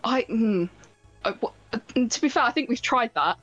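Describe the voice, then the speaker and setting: A woman's voice: a little high, expressive, moderate pace, a bit bright, no echo, faint music behind. A woman from southern England calls in to a live stream and asks politely for advice, giggling and using a lot of fillers. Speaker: caller. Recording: dull lo-fi call audio.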